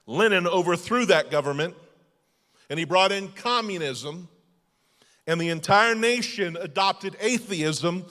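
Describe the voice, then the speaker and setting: A male lead pastor preaching a sermon emphatically, moving between loud declarations and hushed passages. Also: sits high, big-room sound. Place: church sanctuary.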